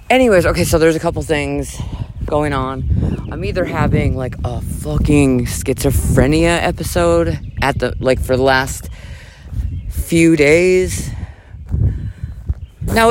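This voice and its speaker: A man reading a dramatic, profane rant and breaking off into casual asides, switching between loud mock yelling and quieter talk. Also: on the high side, slight background noise.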